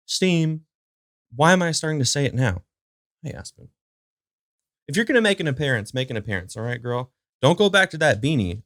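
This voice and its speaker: A man with a medium-pitched, slightly bright voice hosts his own podcast from a chair at home, recording to a camera. He chats casually on his own, rambling with plenty of fillers and side remarks to his dog. The recording is dry and has a clean studio sound.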